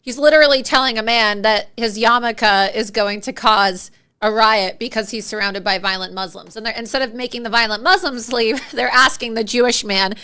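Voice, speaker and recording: A woman's voice: on the high side, bright, forceful tone, smooth. A woman hosting a political talk show, outraged and incredulous as she talks with a guest. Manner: outraged, quick asides, laughs in disbelief. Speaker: host.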